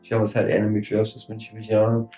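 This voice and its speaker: Grieving man, thirties, lowish voice, halting speech full of fillers, faint music underneath. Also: monotone, dark tone, lo-fi sound. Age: 30s. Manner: halting, grief-stricken, many fillers and trailing pauses. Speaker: interviewee. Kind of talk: recorded police interview.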